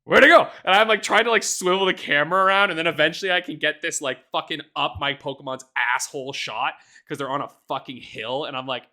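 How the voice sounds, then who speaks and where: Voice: medium pitch, fast talker, hardly any pauses, bright, forceful tone. A podcast co-host in casual chat, ranting animatedly and swearing a lot, often laughing.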